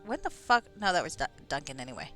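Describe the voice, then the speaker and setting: A woman's voice: low-pitched, very animated, quick pace, fairly bright tone, soft background music. A woman streaming a game, chatting casually on tangents, swearing and laughing at herself, breathing audibly into a close mic. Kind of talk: casual rambling chat. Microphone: close microphone.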